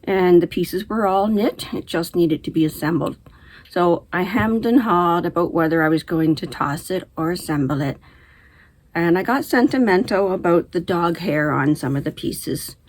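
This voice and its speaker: A woman's voice: on the low side, lively intonation, normal speed. A middle-aged woman hosting a knitting video, chatting casually to camera and laughing easily as she talks. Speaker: knitting podcast host.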